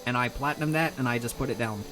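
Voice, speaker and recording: A man's voice: mid-range voice, fast talker, pushed and bright, faint music behind, poor audio. A man streaming a video game, chatting casually in a rambling, self-mocking way and laughing often. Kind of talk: casual chat while gaming.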